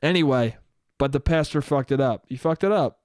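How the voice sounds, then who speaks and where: A man's voice: mid-range voice, moderate pace, a little mellow, no room sound, clean studio sound. A young man from the United States hosting a casual solo podcast, ranting and swearing freely as he acts out the people in his stories. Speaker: podcast host.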